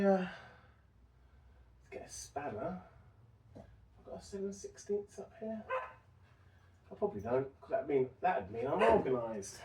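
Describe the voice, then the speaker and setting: A man tinkers in his home garage and chats to the camera, his pitch swinging up and down as he mutters and jokes about himself. Clear noise fills the workshop around him, with dogs barking now and then. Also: darkish tone. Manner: self-deprecating, chatty, talks to himself while working. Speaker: car restoration vlogger. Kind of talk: casual workshop chat to camera.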